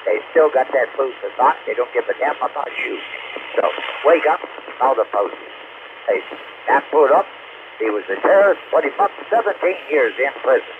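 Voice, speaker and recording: A man's voice: medium pitch, animated, moderate pace. A man chatting on an amateur radio channel, ranting bluntly and repeating himself. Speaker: ham radio operator. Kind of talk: on-air radio chat. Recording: noisy tinny radio receiver audio.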